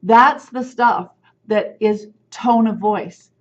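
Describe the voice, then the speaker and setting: A sign language instructor explains her grading criteria in a recorded lecture, speaking slowly at an ordinary middle pitch. She is direct and firm, spelling things out plainly like a teacher. The audio is a little dull and lo-fi.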